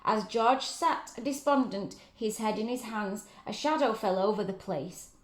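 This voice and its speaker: Woman reading a children's story, gentle and encouraging, echoey room. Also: mid-range voice, unhurried. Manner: gentle, encouraging questions to listeners. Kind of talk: reading a picture book aloud to children. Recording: roomy echo.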